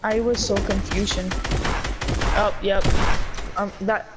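A woman's voice: medium pitch, fairly even intonation, normal speed. A woman chatting casually while playing a video game, rambling about matches and other players. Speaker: gamer. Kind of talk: casual chat while gaming. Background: game music.

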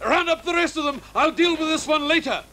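An actor playing a gloating rebel commandant. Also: male voice, very high-pitched, brisk, exaggerated voice. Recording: old film soundtrack with loud engine noise.

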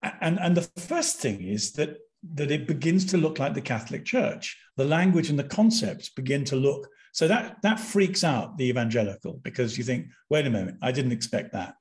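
An older man from Britain, a podcast guest, telling a personal story with animated intensity and frequent restarts. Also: on the high side, moderate pace, few pauses.

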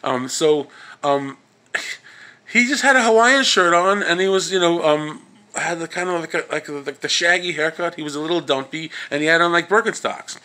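A man rants on his vlog in a loose, comic way, with lots of swearing, stumbling restarts and fillers. His voice sits a bit higher than usual for a man and has a bright, sharp edge. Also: normal speed. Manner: rambling and profane, with many restarts and fillers. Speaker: vlog host. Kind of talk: comedic rant.

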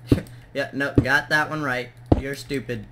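A young man talks through a building game in a casual, distracted way, laughing at himself and counting blocks under his breath. His voice sits at an ordinary middle pitch. Heavy background noise and clicking keys run under the whole recording. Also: steady tone, normal speed. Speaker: gaming channel host.

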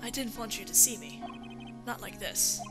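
A proud, bitter young prosecutor, cold and scornful, as a woman lowers her voice to play him. His lines come out quiet and clipped. Video game music runs underneath. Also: animated, moderate pace, natural voice.

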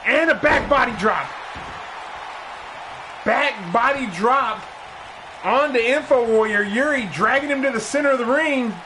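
A man calling a wrestling match in excited play-by-play, often shouting. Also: very high-pitched, measured pace, pauses often. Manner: frequent shouting. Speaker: wrestling commentator. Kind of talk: excited play-by-play commentary on a game stream. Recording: crowd and noise behind.

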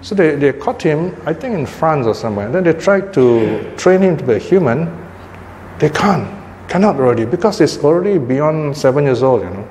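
A man's voice: fairly high pitch, mellow. Older man, Buddhist teacher, chatty informal talk, long hall reverb, faint room noise. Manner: conversational, frequent "you know" and "right?" tags.

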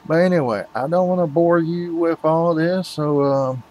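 A man's voice: a little high, normal speed, darkish tone, low-quality recording. A man hosting a farming game video, rambling casually and calling his viewers "folks". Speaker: gaming channel host.

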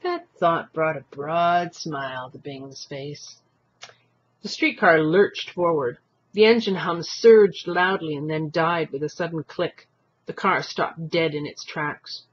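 Husky male reader narrating a storybook, somewhat muffled recording. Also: fairly high pitch, slow pace. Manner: expressive reading, voicing thoughts and characters. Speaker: audiobook reader.

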